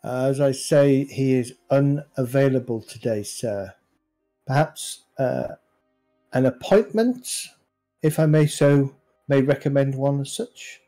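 A burly gatekeeper with a Mexican accent, given voice by a man in a tabletop game. He keeps a stiff, formal politeness that carries a quiet threat. The voice is mellow and dark, and the delivery is slow. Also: medium pitch, faint music behind, close to an everyday voice. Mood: cold polite. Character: big burly male gatekeeper, coolly polite and menacing.

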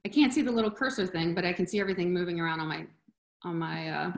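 On a video call, a female webinar presenter talks in a casual, heartfelt way and sometimes gets choked up with emotion. Her voice is fairly low, gravelly, and steady in tone, and she speaks fast in a roomy-sounding space.

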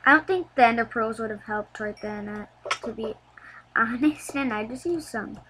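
A woman giving casual, chatty commentary over a video game, getting excited and laughing as she plays. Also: fairly high pitch, moderate pace, background noise. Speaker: gameplay commentator.

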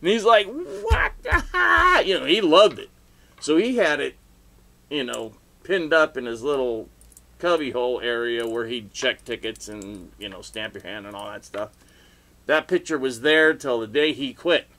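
A middle-aged man rambling through a story for his video blog, with sudden loud outbursts and laughter along the way. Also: mid-range voice, animated, moderate pace. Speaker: vlogger telling stories.

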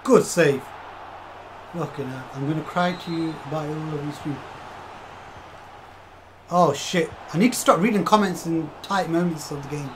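Excitable sweary gamer lad. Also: male voice, a little high, normal speed, long pauses, slight background noise. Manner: swears often, excitable outbursts, talks to chat as "lads". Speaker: game streamer. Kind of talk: live gameplay commentary.

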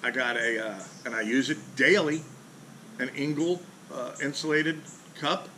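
A man's voice: mid-range voice, measured pace, pushed and bright. Blunt, profane man ranting outdoors. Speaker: fishing charter captain and channel host. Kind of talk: casual ranting vlog. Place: outdoors in a driveway under a carport. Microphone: camera mounted on the back of a boat. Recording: outdoor camera audio with clear ambient noise.

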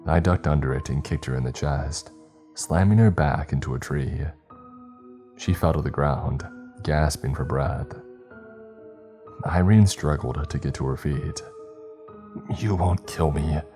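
A man narrating a horror story in a grim, even, scripted manner. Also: a bass voice, unhurried, pauses often. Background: faint background music.

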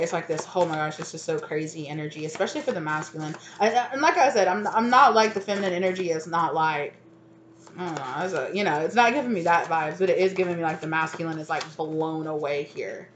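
Woman, tarot reader, casual reading, chatty, frank, laughs often, lowish voice. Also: a little fast, slight background noise.

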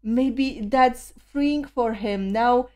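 A woman's voice: fairly high pitch, extremely slow, warm tone. A woman hosting a music video reaction, talking emotionally with frequent awed exclamations.

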